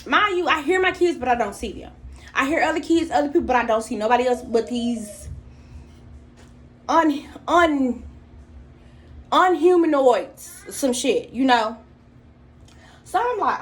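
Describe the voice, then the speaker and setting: A woman telling a story straight to her viewers in a casual, profane, animated way. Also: sits high, moderate pace. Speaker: vlogger.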